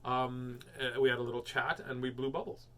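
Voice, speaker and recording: A male host chats casually from home before reading children's books. His voice is bright and forceful at a middle pitch, and he rambles between jokes and filler words. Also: completely flat delivery, brisk, a little hiss or hum. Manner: rambling, jokey, many fillers. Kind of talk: casual chat.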